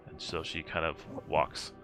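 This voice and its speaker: A man's voice: rumbling low, level tone, measured pace, sharp tone, faint music behind. A man running a tabletop horror game as game master, talking casually with lots of fillers.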